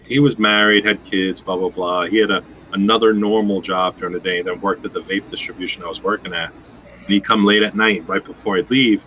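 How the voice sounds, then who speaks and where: Bright-voiced man telling rambling profane stories. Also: low voice, fairly even intonation, fairly quick, slight background noise, poor audio. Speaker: host. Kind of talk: casual chat.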